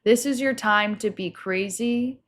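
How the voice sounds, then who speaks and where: A woman's voice: medium pitch, a little slow, a little hiss or hum. Podcast co-host: a woman with a New Jersey accent, playful and joking. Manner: joking, laughs often. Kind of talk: casual chat, reading listener questions.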